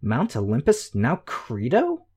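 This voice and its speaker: A man voicing a smug, sharp-tongued young woman who talks in quick, know-it-all quips. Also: medium pitch, huge pitch swings, slightly rough, voice pushed up, exaggerated voice.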